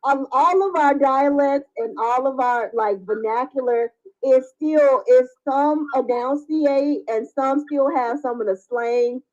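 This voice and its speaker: Woman, high voice, measured, explaining. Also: darkish tone, muffled recording. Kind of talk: casual group chat.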